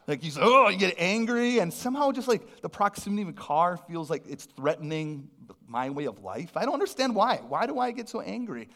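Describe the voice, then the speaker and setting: A man preaching from the pulpit, telling a personal story with self-deprecating humor. His voice sits a little high and swings widely in pitch, lively and animated throughout. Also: fairly quick, vocal fry. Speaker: pastor.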